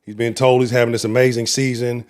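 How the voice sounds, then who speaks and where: A man's voice: mid-range voice, quick pace. Profane, ranting man hosting a sports show. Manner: profane, animated, trash-talking rants. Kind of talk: casual livestream sports commentary.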